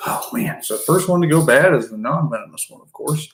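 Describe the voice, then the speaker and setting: A man's voice: on the high side, animated, a little fast. A man who keeps reptiles, chatting casually to his live-stream viewers and to his snakes as he works. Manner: chatty, talks to the animals and chat.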